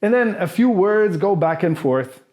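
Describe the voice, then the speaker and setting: A man with a high, darkish voice, animated yet a little slow, shares a personal story while answering viewer questions as a vlogger. He's casual and blunt, swearing freely and voicing the people he mentions.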